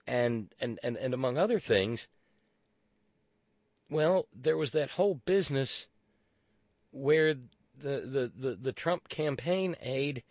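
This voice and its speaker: A man's voice: a little high, no room sound, clean studio sound. A man hosting a political talk radio show, sarcastic and profane, who stumbles into restarts.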